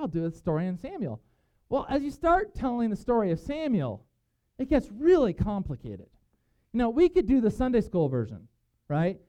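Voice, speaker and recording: Animated man preaching with dull lo-fi sound. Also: sits high, smooth. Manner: casual storytelling, self-deprecating asides, animated. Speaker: pastor. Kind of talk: sermon.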